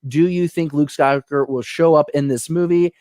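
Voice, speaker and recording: A man hosting a live show, talking in an energetic, rambling, joking way, reading out fan questions. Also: fairly high pitch, normal speed, no room sound, studio quality. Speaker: host.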